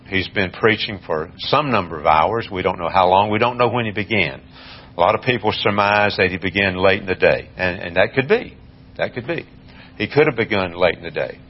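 A man giving a Bible study lesson, talking in a measured, halting way with many fillers and restarts. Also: deep voice, lo-fi sound, a little hiss or hum. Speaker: Bible teacher.

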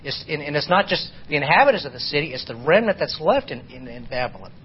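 A man teaching an informal Bible study lesson, halting and repeating words as he asks his class rhetorical questions. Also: a little high, very animated, a little hiss or hum. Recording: dull lo-fi recording.

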